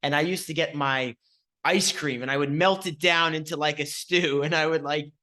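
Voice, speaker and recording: A man's voice: a little high, fairly even intonation, moderate pace, pushed and bright. A man co-hosting a movie podcast, chatting casually and laughing often. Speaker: podcast co-host. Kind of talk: casual chat.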